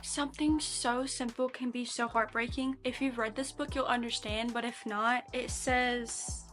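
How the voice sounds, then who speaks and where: A woman's voice: on the high side, fairly even intonation, a little slow, few pauses, a bit bright, faint music behind. A young woman talking casually in a reading vlog, emotional and gushing about the books she reads. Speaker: book vlogger.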